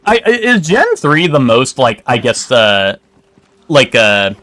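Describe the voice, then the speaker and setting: A man's voice: medium pitch, huge pitch swings, slow, a bit bright, no echo. A man streaming a game, chatting casually with lots of fillers and restarts. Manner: rambling, hesitant, lots of fillers. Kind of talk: casual chat while gaming.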